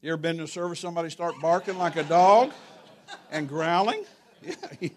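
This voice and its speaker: A man preaching to a congregation in a church. His voice sits a little high for a man, and he tells stories with jokes thrown in. He drops to a hush and then rises to a loud, ringing delivery. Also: brisk. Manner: storytelling, jokes with the congregation, swings from quiet to loud. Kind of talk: sermon.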